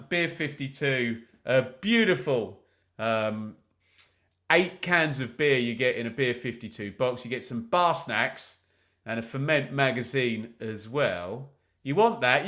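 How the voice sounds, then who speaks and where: A man's voice: medium pitch, a bit bright. A man hosting a live football watch-along, chatting casually with viewers and reading their comments, with frequent "um" fillers.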